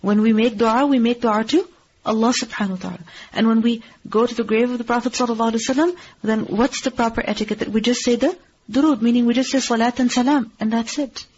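A woman teaching a religious lesson in earnest, asking and answering her own questions and reciting Arabic verses quickly. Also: on the high side, steady tone, a little mellow, breathy edge, highs cut off. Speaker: Islamic teacher. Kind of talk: religious lecture.

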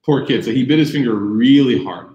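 A young man giving a sermon, telling personal stories lively and acting out the voices in quotes. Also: mid-range voice, brisk, dull audio. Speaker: Muslim speaker giving a talk. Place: room with audience. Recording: echoey room.

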